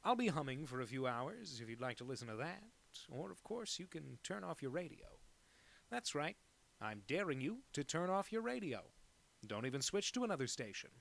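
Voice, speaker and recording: A man voicing a brash male radio DJ who loudly goads his listeners. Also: fairly high pitch, sing-song, moderate pace, gravelly, heavily acted. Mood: taunting. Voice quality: loud and goading.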